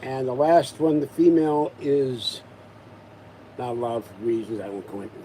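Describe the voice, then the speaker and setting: A man's voice: mid-range voice, steady tone, moderate pace, mellow, a little hiss or hum, rough recording. A man vlogging at home, chatting casually in a rambling way with wry asides. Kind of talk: casual chat.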